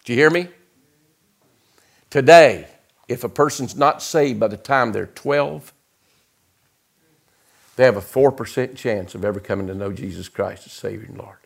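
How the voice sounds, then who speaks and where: A middle-aged man preaching an impassioned sermon in a church, swinging between loud shouts and quiet, close asides. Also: medium pitch, normal speed, creaky, pauses often. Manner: preaching with rising shouts and sudden drops to quiet. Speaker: guest preacher. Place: church sanctuary.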